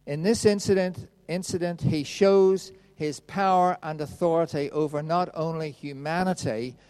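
A man preaching a sermon, reading a Bible passage aloud in a slow, measured way. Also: on the high side, steady tone, darkish tone, clean tone. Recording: long reverb of a hall.

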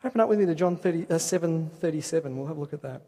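A man's voice: a little high, racing, dark tone. A man preaching a sermon, asking rhetorical questions and reading scripture aloud. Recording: long hall reverb.

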